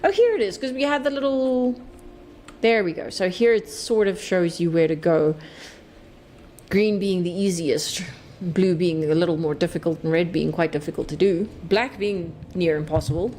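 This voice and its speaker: A woman's voice: on the low side, moderate pace, dark tone, a little hiss or hum. A woman streaming a game, chatting away casually, playful, laughing often and swearing freely. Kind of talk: casual live-stream chat while playing.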